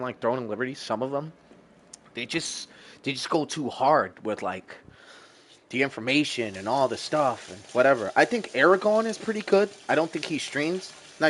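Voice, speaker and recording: A man's voice: medium pitch, a little hiss or hum. A man in his thirties chatting casually with viewers on a gaming livestream, rambling, laid-back and swearing freely while he eats. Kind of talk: casual stream chat with viewers.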